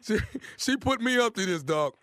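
A man hosting a radio show, running a prank call and promos in a loud, energetic announcer style. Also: high-pitched, moderate pace, very noisy.

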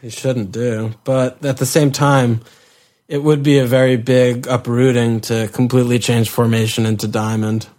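A man's voice: medium pitch, flat delivery, moderate pace, a little mellow. A man co-hosting a casual sports chat, laid-back and teasing, with blunt remarks. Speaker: podcast co-host. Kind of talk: casual fantasy football chat.

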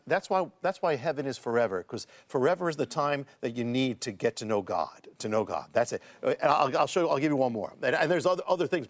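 A man, a guest author, explaining Hebrew scripture words in conversation, halting with many restarts before building to emphatic points. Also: on the high side. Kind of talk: casual Bible teaching in conversation.

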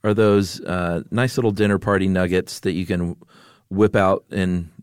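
Easygoing low-voiced male podcast host. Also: steady tone, normal speed, darkish tone, clean tone, no echo, clean studio sound. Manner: easygoing, laughs often, loose storytelling. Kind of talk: casual podcast chat.

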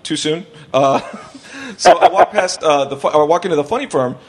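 A man's voice: a little high, expressive, moderate pace. A man who is a stand-up comedian tells a long anecdote in casual podcast chat, rambling, swearing and laughing as he goes. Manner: rambling, profane, laughs through the story.

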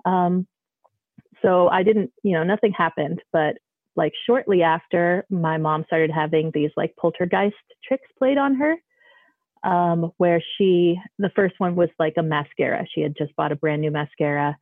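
A woman's voice: lowish voice, unhurried, dry recording. A woman phones in to share a story, talking casually and rambling with plenty of fillers and restarts. Her voice comes through a narrow, tinny phone line with no room sound at all. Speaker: caller. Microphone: phone call.

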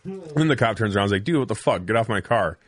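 A man's voice: lowish voice, very animated, fast talker, fairly bright tone, breathy edge, dry recording, clean studio sound. A man swapping war-buddy stories on a podcast, profane and laughing, acting out the quotes. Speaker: podcast host. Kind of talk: casual storytelling among army buddies.

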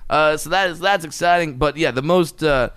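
A man's voice: a little high, normal speed, smooth, no room sound. Male comic host, 30s, casual rambling storyteller, clean dry sound. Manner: rambling, chuckly, animated storytelling. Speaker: podcast host, comedian. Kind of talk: casual chat.

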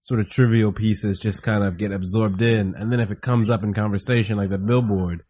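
A man co-hosting a podcast, rambling casually with halting restarts and slang. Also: fairly low pitch, steady tone, a little mellow, husky. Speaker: podcast co-host. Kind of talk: casual chat.

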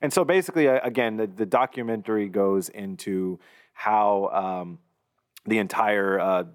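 Man, slightly low voice, casual podcast chat, rambling, laughs a lot. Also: moderate pace, smooth. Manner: rambling storyteller, laughs often. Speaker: podcast co-host.

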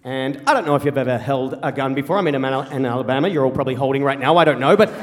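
A young Australian man from rural South Australia telling a funny personal story on stage, animated and self-mocking, repeating himself as he rushes. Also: medium pitch, in a large hall, noisy background. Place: stage before an audience.

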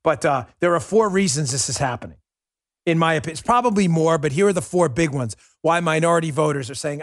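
A man's voice: a little high, expressive, a little fast, dry recording, clean studio sound. A man hosting a political commentary show, ranting in a heated, sarcastic way. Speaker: podcast host.

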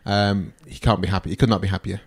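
A man's voice: low voice, flat delivery, fast, breathy edge. Jokey man in his forties. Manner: chatty, laughs easily, jokey. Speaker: podcast co-host. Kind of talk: casual chat.

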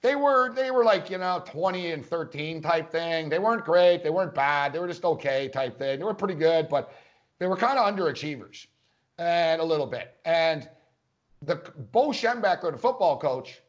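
A man's voice: fairly high pitch, expressive, moderate pace, dull audio. A man co-hosting a casual sports podcast, telling a long rambling story and acting out quotes along the way. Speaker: podcast co-host.

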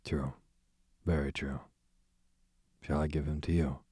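A man reading an audiobook, voicing a languid aristocratic duke with a smooth, sarcastic drawl. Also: very deep voice, level tone, a little slow, warm tone, no room sound, studio quality, heavily acted. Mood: sardonic. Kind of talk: audiobook character voice.

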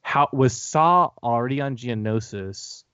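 A man's voice: mid-range voice, measured pace, a bit bright, clear, resonant tone, no echo. A man in casual podcast talk rambles with plenty of fillers. His thoughts often trail off midway. The audio is dry and dull, like a lo-fi recording. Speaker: podcast co-host.

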